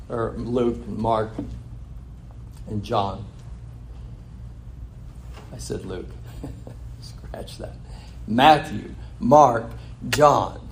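A man's voice: medium pitch, a little mellow, a little hiss or hum. A man preaching a sermon who reads a scripture passage, then retells it in his own words and asks rhetorical questions. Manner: laughs at his own slip and corrects himself.

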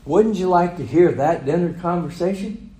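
A man's voice: high-pitched, lively intonation, normal speed, mellow, reverberant, poor audio. A man preaching a sermon, retelling a story with chuckles and rhetorical questions. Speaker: pastor.

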